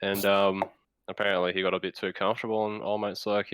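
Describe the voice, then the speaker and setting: A young Australian man hosts a podcast, his voice sitting low and close in a dry, deadened room. He tells his stories bluntly and casually, swearing between every few words. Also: level tone, quick pace, fairly bright tone, clean tone, no echo, low-quality recording. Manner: blunt, swearing, laid-back storyteller. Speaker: podcast host. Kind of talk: casual storytelling.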